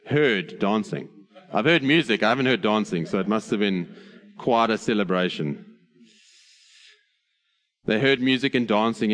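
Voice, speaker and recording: A man preaching an earnest sermon, slowing on key phrases and adding light humor. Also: lowish voice. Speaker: pastor.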